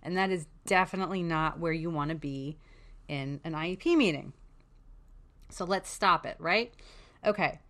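A woman's voice: lowish voice, normal speed, pauses often, fairly bright tone. A woman talking candidly as a parent advocate, giving casual, frank advice and swearing freely.

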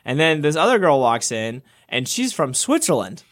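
A young man co-hosting a casual talk show, telling a travel story with lively acted-out quotes. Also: moderate pace. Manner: animated storyteller, acts out quotes with jumps in pitch. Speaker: podcast co-host.

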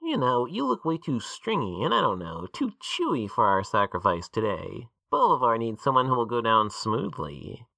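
A man voicing a creepy male cult leader in a mascot costume, who talks in a mocking, theatrical, drawn-out way. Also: mid-range voice, wildly swooping pitch, gravelly, bright, forceful tone, no room sound, clean studio sound, heavily acted. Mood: gloating.

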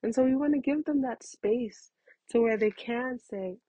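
Frank, husky woman giving parenting advice. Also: a little high, normal speed, mellow, no room sound, muffled recording. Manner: frank, conversational, addresses listener as honey and baby. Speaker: parenting talk host. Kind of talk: casual advice talk.

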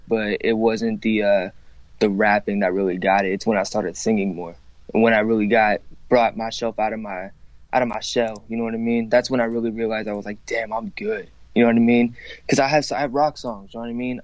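A man who makes music, talking about his work as a guest in a casual chat, relaxed and full of fillers. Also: on the low side, no room sound. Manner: laid-back, relaxed, lots of fillers. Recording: dull, dry, muffled sound.

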